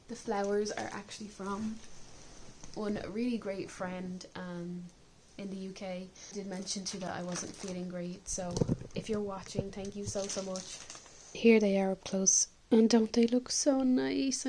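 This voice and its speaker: A woman's voice: medium pitch, noisy background. Chatty woman filming a home video diary. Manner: chatty, candid, with frequent coughs. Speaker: vlogger. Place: indoors at home.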